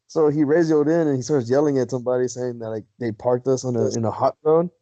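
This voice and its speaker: A man's voice: medium pitch, fast, few pauses, dark tone, lo-fi sound. A man on a podcast telling a long story, rambling and swearing, laughing often. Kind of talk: casual chat.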